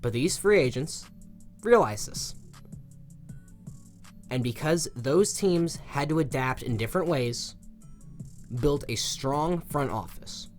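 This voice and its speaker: A young man giving a passionate, exasperated opinion rant as a sports commentator, swinging between loud outbursts and low muttering. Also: lively intonation, takes it slowly, long pauses, faint music behind.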